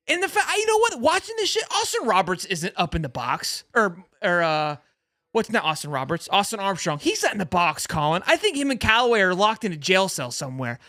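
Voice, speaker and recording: A young man hosts a fan livestream, ranting hard and cursing as he reads out viewer donations. His voice is bright and sharp, and it swings widely up and down. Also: very high voice, dry recording, clean studio sound. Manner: angry, ranting, swears a lot, reads out donations. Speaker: sports livestream host.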